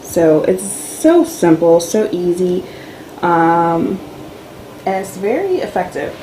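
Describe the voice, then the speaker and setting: A woman's voice: lowish voice, sing-song, slow pace, dark tone, slight background noise, rough recording. Chatty woman touring her home studio. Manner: chatty, loose, lots of fillers. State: out of breath. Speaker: vlogger. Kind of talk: casual room tour vlog. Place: home office and filming room. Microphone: camera-mounted mic.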